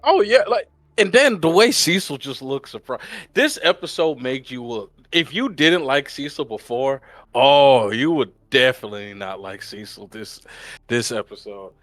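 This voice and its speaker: A man co-hosting a TV review podcast, talking in an expressive, exasperated way with swearing. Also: medium pitch, normal speed, dry recording. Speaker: podcast co-host. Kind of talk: casual review chat.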